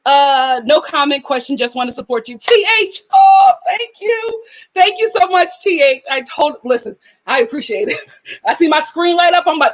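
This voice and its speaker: Woman host, live aftershow commentary; high voice, animated, mimics people. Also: normal speed, poor audio.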